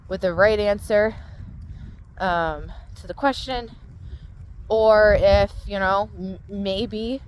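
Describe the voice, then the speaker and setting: A woman mindset coach talking casually to her viewers, explaining step by step and often checking in with "right?". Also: medium pitch. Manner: conversational, explaining with frequent "right?" check-ins. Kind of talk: casual talk to camera.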